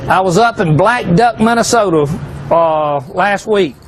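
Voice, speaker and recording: A man's voice: high-pitched, unhurried, slight background noise. A man giving a folksy, joking hunting seminar, peppering a live audience with rhetorical questions.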